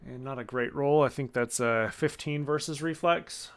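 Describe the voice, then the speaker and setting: A man playing a tabletop game, calmly describing his character's actions. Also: mid-range voice, normal speed. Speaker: player.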